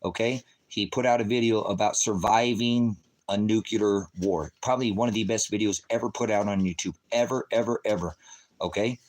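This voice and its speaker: A man's voice: on the low side, steady tone, moderate pace, few pauses. Profane, combative man ranting on a livestream. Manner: swings between shouting and muttering. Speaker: livestreamer running a ministry channel. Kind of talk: angry livestream rant at chat.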